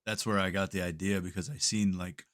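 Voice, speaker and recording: A man's voice: low-pitched, fairly even intonation, brisk, fairly bright tone. A man co-hosting a podcast in a laid-back, profane casual chat, chuckling between remarks. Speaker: podcast co-host.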